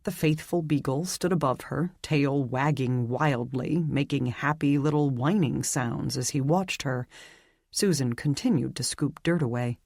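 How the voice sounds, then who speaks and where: A slow, measured audiobook narration with a breathy, husky edge to the voice. The delivery stays even. The recording is dry and close. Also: mid-range voice, dry recording.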